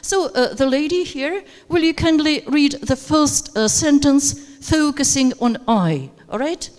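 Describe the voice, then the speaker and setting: A woman's voice: high voice, lively intonation, unhurried, darkish tone. A woman with as her leading a live workshop for teachers, hesitant with many fillers and coaxing participants to take turns. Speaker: teacher trainer. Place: conference room with audience. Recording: reverberant hall recording.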